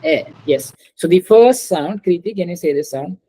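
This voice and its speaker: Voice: mid-range voice, animated, moderate pace, dark tone, a little hiss or hum, poor audio. A teacher giving an online French class over a video call, patiently repeating words and calling on students.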